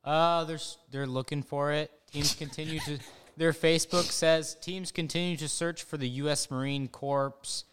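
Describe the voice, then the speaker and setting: A man's voice: on the high side, steady tone, normal speed, fairly bright tone, slight background noise. A man co-hosting a comedy podcast, reading out news items and adding dry explanations. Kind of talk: casual comedic chat.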